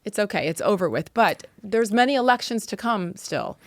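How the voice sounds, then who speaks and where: A woman's voice: mid-range voice, lively intonation, dry recording, studio quality. A middle-aged woman hosting an interview show, speaking earnestly and reflectively in a casual conversation. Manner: earnest, reflective, quick to agree. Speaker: podcast host.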